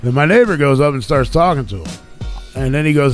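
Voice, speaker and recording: A man's voice: fairly high pitch, expressive, fast. A man hosting a radio show, telling a long story in casual, profane chat and acting out the quotes of people in it. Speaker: podcast host. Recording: faint music behind.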